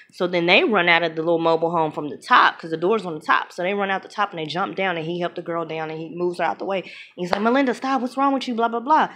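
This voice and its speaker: A woman casually retelling a film's plot as a reviewer, blunt and opinionated, slipping into quick voices for the characters. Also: low voice. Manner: animated, acts out characters' lines in quick voices. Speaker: movie reviewer.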